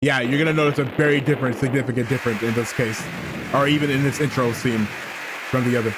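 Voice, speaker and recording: A man streaming a game, chatting casually and ranting in a stammering, animated way. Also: medium pitch, fast talker, background noise.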